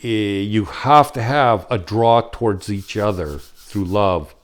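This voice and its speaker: Slow, earnest man giving spiritual talk. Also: on the low side. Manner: slow, earnest, acts out quoted voices. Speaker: spiritual teacher.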